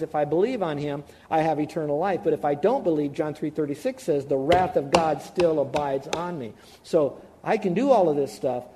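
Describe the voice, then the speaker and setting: A man preaching a sermon as pastor, animated, shifting between loud emphasis and hushed, tender asides. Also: on the high side.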